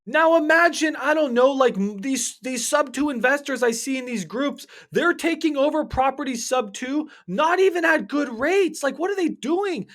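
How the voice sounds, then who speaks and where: A man's voice: extremely high pitch, a bit bright. A man giving a heated, blunt monologue on real estate investing, swearing, mocking his listeners and repeating points for emphasis. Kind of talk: ranting video monologue.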